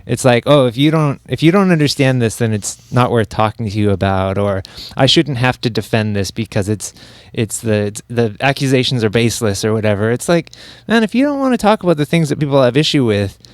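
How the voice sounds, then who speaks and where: A man's voice: mid-range voice, animated, a little fast, dry recording. A man co-hosting a podcast in loose, rambling chat. He restarts his sentences often and pokes fun at himself. The sound is dry and close. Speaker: podcast co-host.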